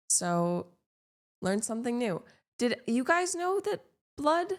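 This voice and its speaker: A woman's voice: on the high side, measured pace. Rambling young woman streamer. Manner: rambling, self-deprecating, lots of fillers. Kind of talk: casual chat while gaming.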